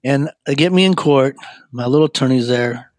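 A man giving a personal testimony in rambling, halting storytelling. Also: medium pitch, dry recording. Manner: halting, with many fillers and restarts.

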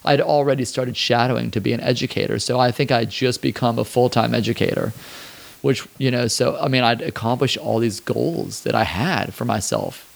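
A young adult man, a drummer and hairstylist, telling stories in a relaxed, rambling interview chat. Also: mid-range voice, normal speed, creaky. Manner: relaxed, rambling, peppered with "like" and swearing. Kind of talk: casual interview storytelling.

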